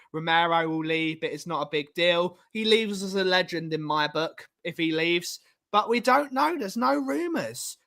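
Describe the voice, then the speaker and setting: A man's voice: high voice, sharp tone. A man from Wales co-hosting a fan livestream, chatting casually and greeting viewers in the chat.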